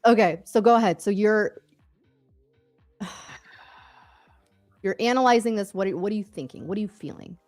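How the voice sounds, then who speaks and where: A woman's voice: medium pitch, moderate pace, pauses often, a little mellow. A woman co-hosting a live stream, giggly and rambling, reading chat comments aloud. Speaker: co-host. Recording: faint music behind.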